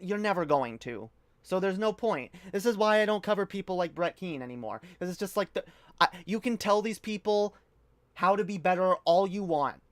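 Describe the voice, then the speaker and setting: A woman's voice: lowish voice, no room sound. A woman streaming a reaction video, ranting heatedly and profanely with frequent restarts. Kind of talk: livestream rant.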